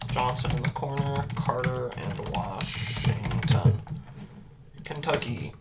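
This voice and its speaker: A woman quietly reciting place names from memory, correcting herself now and then and making wry asides. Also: extremely low pitch, creaky, very noisy. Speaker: geography video creator. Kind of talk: muttering recall while typing. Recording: loud keyboard clatter close to mic. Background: loud keyboard typing.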